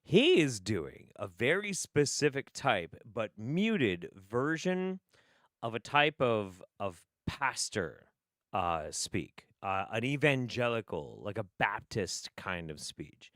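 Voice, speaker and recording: This is a man riffing on clips in casual stream commentary. He is sarcastic and swears constantly, and his pitch jumps around in lively swings. His voice sits dry and close on the mic. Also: slow pace, no echo. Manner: sarcastic, swears a lot, laughs often.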